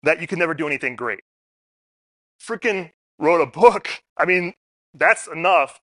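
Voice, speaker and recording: Speaking at a normal pace in a voice on the high side, a man recounts personal stories at a public forum. He's animated and acts out the quotes of the people involved, and the sound has no echo.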